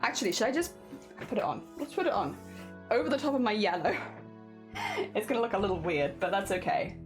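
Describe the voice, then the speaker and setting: A woman's voice: mid-range voice, animated, fairly quick. A woman streamer chatting casually while she sews, talking to her sewing machine, with machine noise and music behind her.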